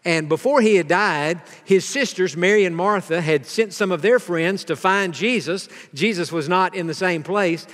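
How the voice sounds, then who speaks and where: High-voiced man preaching in a big hall. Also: a bit bright. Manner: earnest preaching, leads congregation in responses. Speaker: pastor. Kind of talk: sermon.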